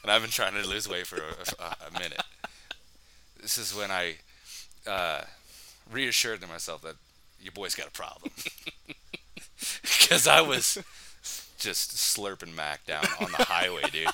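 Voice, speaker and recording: A man's voice: deep voice, a little slow, pauses often, crowd noise. A young man from Texas, co-hosting a podcast, telling a rambling, self-mocking story in casual chat and swearing freely. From El Paso, Texas. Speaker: podcast co-host.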